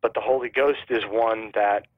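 A man's voice: fairly low pitch, moderate pace. A man explaining theology on a talk show, acting out little dialogues as he goes. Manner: animated, acts out dialogue in illustrations. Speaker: guest. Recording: tinny phone line.

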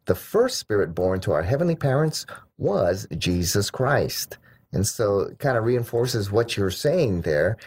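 Male radio host, very low voice, steady and affirming. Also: a little slow, husky. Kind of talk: radio talk show hosting.

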